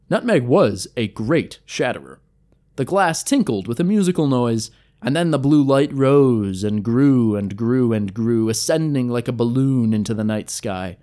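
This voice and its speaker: A man narrating a fantasy tale from a tabletop campaign in an expressive, measured reading. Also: mid-range voice.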